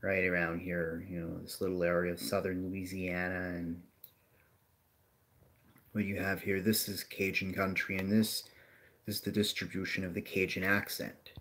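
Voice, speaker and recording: Deep-voiced man rambling through a lecture. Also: level tone, moderate pace, fairly bright tone. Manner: rambling, many "you know" fillers and restarts. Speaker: geography educator. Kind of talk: casual map lecture.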